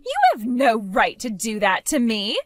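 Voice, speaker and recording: A woman's voice: on the high side, lively intonation, unhurried, no echo, faint music behind. A woman voicing a greedy, entitled young sister-in-law with a whiny, sing-song, demanding manner in a voiced story drama. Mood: scheming.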